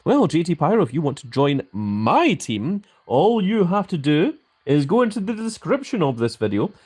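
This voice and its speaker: A Scottish man hosting a live stream, his pitch swinging up and down as he talks. He speaks with a grand manner and sounds out every word with care. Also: big pitch swings, moderate pace, a little mellow, breathy edge. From Scotland. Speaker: mobile game live streamer. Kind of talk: live stream chat reading.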